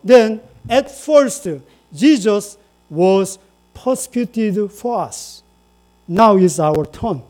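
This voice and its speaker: A man's voice: high voice, animated, extremely slow, a little mellow. A man preaching a sermon in English, repeating phrases and inviting the congregation to say lines with him. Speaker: pastor.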